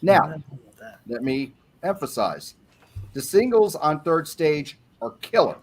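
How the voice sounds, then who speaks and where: Brief: male panelist, slightly higher voice, opinionated album reviewer, casual. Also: very animated, slow, slightly rough. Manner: opinionated, track-by-track commentary.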